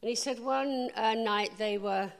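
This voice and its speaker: Higher-voiced woman preaching in a hall. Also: creaky. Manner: lively storytelling, quick asides to the audience. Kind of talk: sermon with anecdotes.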